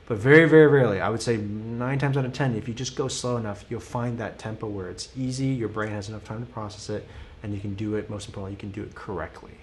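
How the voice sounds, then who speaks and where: Guy teaching drums, sings bum bum and counts along, loud drumming behind him, patient, keeps asking right? okay?. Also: mid-range voice. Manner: counts and sings rhythms aloud while playing. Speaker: drum teacher. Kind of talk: live-streamed drum lesson.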